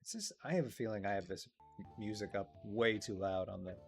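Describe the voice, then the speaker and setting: A man's voice: lowish voice, expressive, a little fast, creaky. A man hosting a let's play, making wry, joking asides about a game in casual commentary. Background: faint game music.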